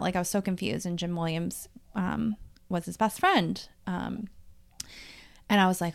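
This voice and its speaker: A woman's voice: on the low side, steady tone, creaky. A woman in her forties from the Dallas-Fort Worth area, a life coach talking through her year on her own podcast in a candid, chatty way with casual swearing. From Dallas-Fort Worth, Texas. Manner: chatty, candid, swearing freely, quickening and slowing as she tells a story. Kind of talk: casual solo podcast monologue.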